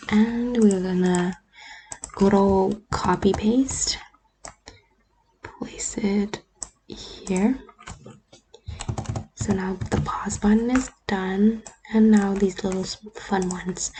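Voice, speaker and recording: A woman whose first language is not English, talking through a screen-recorded editing tutorial in a relaxed, often half-whispered way. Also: medium pitch, slight background noise. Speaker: YouTuber. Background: faint keyboard and mouse clicks.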